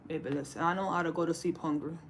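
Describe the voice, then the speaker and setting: A woman's voice: low-pitched, fairly even intonation, fast, a little hiss or hum. A woman in her forties hosting a livestream, giving sassy, preachy relationship advice to her viewers in a casual chat. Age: 40s. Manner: sassy, preachy, calls everyone baby. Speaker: livestream host.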